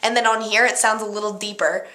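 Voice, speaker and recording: Speaking fast in a mid-range, sharp voice, a girlish-sounding young woman from Canada chats casually to her camera at home. The vlogger keeps a steady tone but gets sidetracked easily and giggles.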